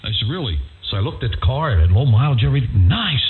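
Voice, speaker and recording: An older man with a mid-range voice chats casually and fast over ham radio, a very animated, folksy storyteller who acts out the people in his tales. He speaks into a radio transceiver microphone, and the over-the-air audio is narrow with faint hiss.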